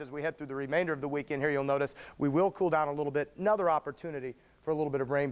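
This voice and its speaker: A man delivering a live TV weather forecast as chief meteorologist, in brisk, upbeat forecaster patter. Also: fairly high pitch, clear, resonant tone.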